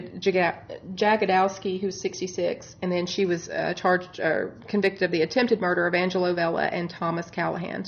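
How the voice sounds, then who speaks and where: Recorded with dull audio, her voice sits on the low side. She's a nurse who works at the bedside and co-hosts a relaxed true-crime chat, telling the case in an exasperated, humorous way with lots of laughter.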